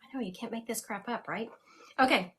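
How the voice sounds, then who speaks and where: A woman's voice: on the high side, fairly quick, a bit bright, breathy edge. A woman hosting a live stream as a psychic medium, chatting casually and laughing at herself.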